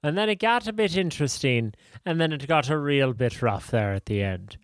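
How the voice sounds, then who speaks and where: A man's voice: fairly high pitch, lively intonation, normal speed, dry recording, clean studio sound. A man co-hosting a podcast, talking casually with crude, sarcastic jokes and laughing at his own lines. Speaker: podcast co-host.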